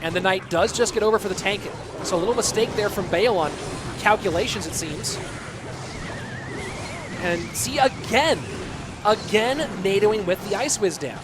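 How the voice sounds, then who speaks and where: A man's voice: sits high, animated, moderate pace, background noise. An American man casting a game live, chatting with viewers and answering their chat between plays. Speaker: esports commentator. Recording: music behind the voice.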